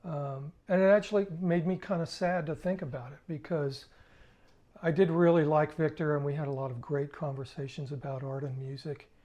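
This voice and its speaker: An older man, a musician, recalling his past in a casual, halting spoken story with restarts. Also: on the high side, steady tone, a little mellow.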